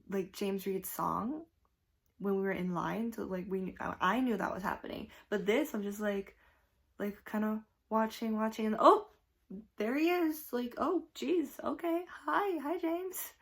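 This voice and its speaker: A woman's voice: mid-range voice, creaky. A young woman vlogger chatting casually and gushing about a concert, with lots of fillers. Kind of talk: casual chat.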